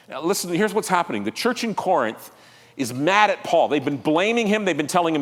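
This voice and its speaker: Male pastor, high and lively voice, conversational sermon with call-and-response, reverberant sanctuary. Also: a little fast. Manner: animated, conversational preaching with audience call-and-response. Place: church sanctuary.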